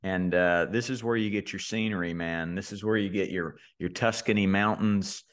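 A man, co-hosting a podcast and telling a story in a relaxed way, with lots of fillers and restarts. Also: low-pitched, normal speed. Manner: laid-back storyteller, many fillers and restarts. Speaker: podcast co-host. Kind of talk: casual podcast chat.

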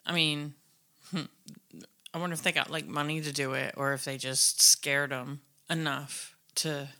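A woman co-hosting a casual chat, giggly and quick to joke. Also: deep voice, fairly even intonation, pushed and bright. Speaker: podcast co-host.

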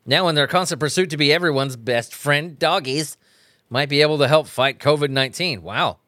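A man chatting casually on his podcast, profane and rambling, often breaking into laughter. His voice sits a little higher than most men's. The sound is dry and close, from a microphone on a stand. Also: fairly quick, sharp tone, no room sound. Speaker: podcast host. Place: at home.

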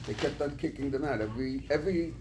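A man's voice: mid-range voice, fast, a loud crowd. A man in a class audience who interrupts to argue a point, heard faintly from across the room. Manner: argumentative, interrupting. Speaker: student in class.

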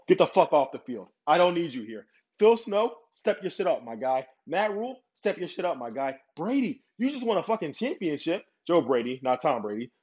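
A man's voice: a little high, darkish tone, breathy edge. A young man hosting a football podcast, ranting heatedly with constant swearing. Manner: profane, heated and worked up. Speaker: podcast host. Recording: dull lo-fi recording.

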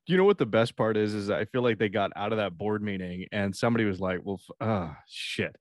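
A man co-hosting a casual chat, telling a story with lively voices and a lot of laughter. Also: lowish voice, fast talker, no echo.

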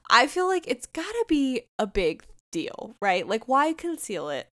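A woman co-hosting a casual fan podcast, chatty and animated, often laughing as she talks. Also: sits high, a little slow. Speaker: podcast co-host.

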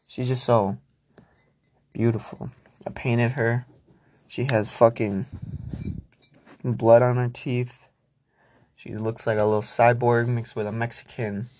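A young man hosts a casual solo podcast, rambling and cursing freely as he talks both to himself and to his listeners. His voice is medium-pitched and a little mellow.

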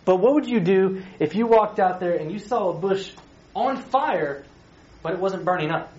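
A man's voice: sits high, expressive, normal speed, a little mellow. A man, a youth pastor, retells a Bible story in a chatty, playful sermon and asks his listeners questions. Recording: slightly dull recording with faint hiss.

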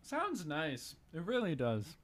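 Teasing young man with a fairly high voice. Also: wildly swooping pitch, slow, a bit bright, dry recording. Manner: teasing and blunt, swears freely. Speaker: podcast co-host. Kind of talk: casual podcast chat.

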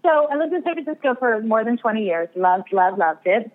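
Woman guest telling a rambling story, slightly high voice, phone-thin sound. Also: lively intonation, fairly quick. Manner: chatty, rambling, self-deprecating. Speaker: astrologer and psychic medium guest. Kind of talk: casual storytelling interview. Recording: tinny phone-like radio line.

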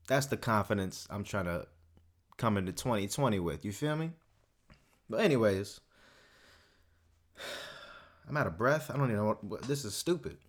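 A man's voice: lowish voice, lively intonation, moderate pace, pauses often. A young man hosting a solo podcast, ranting casually in a profane, swaggering, rambling way. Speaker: podcast host.

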